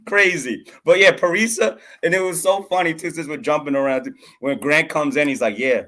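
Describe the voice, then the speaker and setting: Co-host: young guy, somewhat high bright voice, relaxed and jokey. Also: normal speed. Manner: laid-back, joking, laughs easily. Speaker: podcast co-host. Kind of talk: casual reality-TV recap banter.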